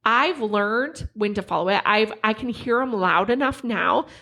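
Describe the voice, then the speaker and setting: A woman co-hosting a podcast, telling a story in an animated, chatty way with lots of "like". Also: a little high, measured pace. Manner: animated, lots of "like", acts out quotes. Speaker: podcast co-host. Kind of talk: casual storytelling chat.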